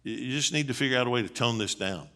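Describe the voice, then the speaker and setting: A middle-aged man preaches in a relaxed, conversational way, his voice bright and forceful. He talks in plain, folksy terms and keeps throwing rhetorical questions at his listeners. His pitch sits mid-range for a man. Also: fast. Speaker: seminary dean teaching on marriage. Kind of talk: conversational sermon. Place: church.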